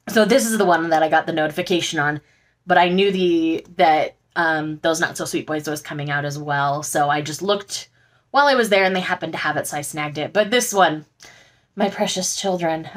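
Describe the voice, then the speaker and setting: A woman vlogger chatting casually and gushingly about the books she just bought, with frequent fillers. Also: lowish voice. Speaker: book vlogger. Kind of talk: casual haul chat.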